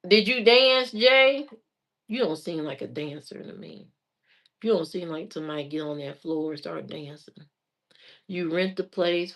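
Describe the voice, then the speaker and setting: A woman vlogger telling stories casually, with a lively voice that rises and falls a lot. Her talk is chatty and animated. She laughs often as she goes. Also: fairly low pitch. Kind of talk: casual storytelling.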